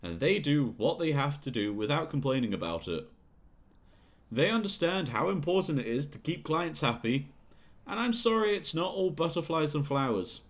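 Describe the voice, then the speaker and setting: A man's voice: fairly high pitch, very animated, normal speed. A man voicing a manipulative, bullying male talent manager who talks down to a young singer, in a video game playthrough. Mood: sneering. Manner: condescending, bullying, sneering.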